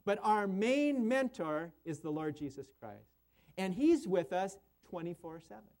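A man's voice: high voice, big pitch swings, a little slow, darkish tone. A male pastor preaching an earnest sermon, acting out prayers and quotes in changing voices.

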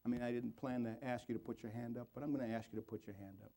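Pastor guy preaching, gravelly dark voice, earnest and pleading. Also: mid-range voice, steady tone, rapid-fire. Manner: earnest, pleading, voice rising and falling. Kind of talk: sermon with altar call and prayer.

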